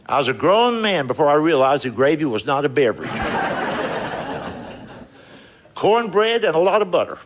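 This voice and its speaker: A man's voice: on the high side, very animated, unhurried, pauses often. A middle-aged man doing folksy storytelling stand-up in a punchy drawl, recorded live on stage. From United States. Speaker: stand-up comedian. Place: live comedy stage before a laughing audience. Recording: live show with loud crowd and noise.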